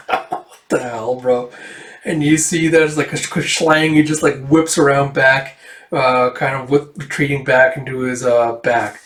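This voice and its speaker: A man's voice: mid-range voice, little pitch movement, measured pace, fairly bright tone. A man casually reading through a comic and reacting, with fillers and swearing. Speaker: comic reader and reviewer. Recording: roomy, distant mic.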